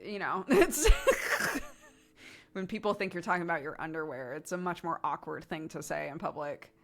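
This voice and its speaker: A woman's voice: sits low, expressive, moderate pace. An American woman in her thirties chatting casually with her stream chat, with lots of laughter and fillers like "um" and "like.". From United States.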